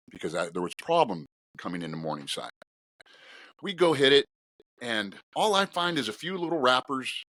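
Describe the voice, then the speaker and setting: A middle-aged man, a retired police officer, telling stories on a podcast in a casual, animated, profane way. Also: no echo. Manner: animated, profane, swinging pitch while telling a story.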